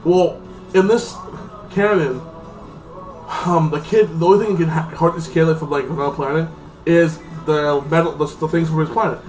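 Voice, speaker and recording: Here a man with a voice on the high side and a slightly mellow quality reviews a movie at a moderate pace, his intonation fairly even. He wanders from point to point, leaning heavily on "like" and acting out roles. Faint music sits behind him, and he's a bit far from the microphone.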